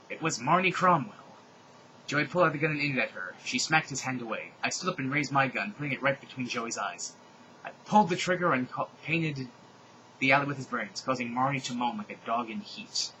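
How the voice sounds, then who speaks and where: A young man doing a comedic dramatic reading of a fan story, with animated delivery, shouted dialogue and mocking asides. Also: medium pitch, a little hiss or hum, poor audio.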